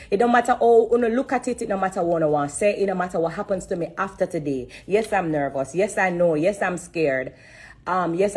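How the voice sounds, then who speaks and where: A woman giving an earnest personal testimony on a live stream, repeating herself and pausing to hold back tears. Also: fairly low pitch, slightly rough. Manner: earnest and repetitive, stopping to steady herself. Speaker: singer sharing a personal testimony.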